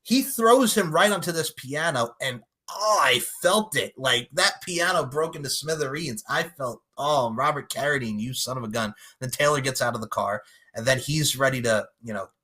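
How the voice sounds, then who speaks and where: A man's voice: mid-range voice, normal speed, pushed and bright. A man co-hosting a podcast, casually recapping a movie with lots of laughter and offhand swearing. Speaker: podcast co-host.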